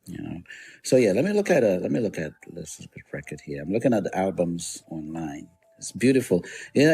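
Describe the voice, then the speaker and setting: A man's voice: deep voice, vocal fry, warm tone, slightly rough. A man hosting a radio show, chatting casually and rambling through memories with lots of fillers and restarts. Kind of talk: casual storytelling chat.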